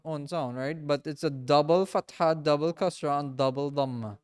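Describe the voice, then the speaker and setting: A man teaching a reading class in a mosque, patiently repeating and drilling each sound slowly for his students. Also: on the high side, darkish tone, clear, resonant tone. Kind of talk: classroom lesson.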